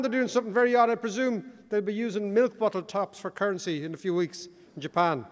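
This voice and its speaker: A man's voice: sits high, fast, few pauses. A man with an Irish accent giving a wry, joking conference speech as keynote speaker. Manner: wry, joking, animated delivery. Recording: long reverb of a large hall.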